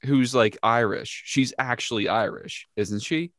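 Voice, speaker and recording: A man's voice: mid-range voice, unhurried, a bit bright, dry recording, studio quality. A man in a casual chat, blunt and sarcastic, swearing freely.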